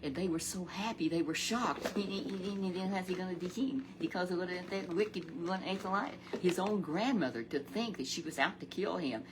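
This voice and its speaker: A woman's voice: lowish voice, normal speed, few pauses, background noise. A woman telling a Sunday Bible story to a companion, talking in a homely way that repeats and stumbles over words. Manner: repetitive, stumbling, homely exclamations.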